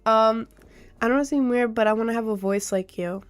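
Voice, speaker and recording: A woman's voice: fairly high pitch, brisk, smooth. A woman streaming live and chatting casually as she reads viewer comments aloud. She is congested after a cold, so her voice sounds nasal, and she fills her talk with "um" and "like.". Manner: chatty, with many fillers like "um" and "like". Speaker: livestreamer and musician.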